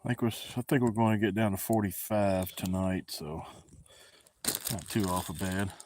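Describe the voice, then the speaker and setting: A man's voice: deep voice, fairly even intonation, moderate pace, background noise. A man chatting casually on a fishing live stream outdoors by the water, in a folksy, easygoing way. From Florida.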